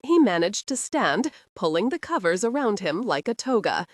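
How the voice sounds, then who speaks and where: Lively woman narrating an audiobook. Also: moderate pace, no echo, clean studio sound. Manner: expressive storytelling with lively pitch.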